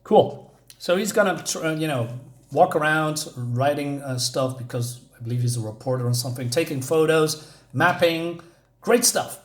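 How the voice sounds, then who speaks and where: A man's voice: fairly high pitch, moderate pace, echoey room. A man giving a casual spoken comic book review, rambling and thinking aloud in a conversational way.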